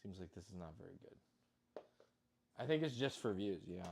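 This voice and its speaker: A man's voice: low voice, expressive, normal speed, creaky, slight background noise. Home-cook vlogger, male, loose and self-deprecating, casual profanity. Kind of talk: casual kitchen chat.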